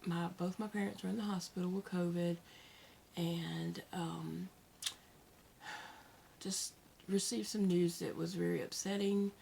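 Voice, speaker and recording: A woman with a Southern American drawl, speaking a bit low with a gravelly edge to her voice. She talks to her viewers at home, candid and soft-spoken, pausing often and still emotional after crying. A faint background hiss sits under her voice. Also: fairly even intonation. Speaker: vlogger. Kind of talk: casual vlog talk to camera. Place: at home, indoors.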